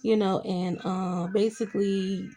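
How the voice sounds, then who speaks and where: A woman's voice: medium pitch, level tone, measured pace, mellow. A young adult woman chatting casually as she recaps TV episodes, adding her own reactions along the way. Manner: chatty retelling full of "I'm like" reaction asides. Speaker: TV show reviewer.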